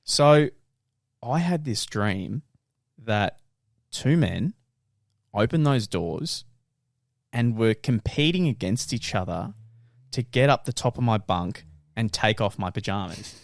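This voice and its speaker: Young man, podcast co-host, animated storyteller, mid pitch, dry sound. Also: slow pace, vocal fry, long pauses, dry recording. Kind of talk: casual chat.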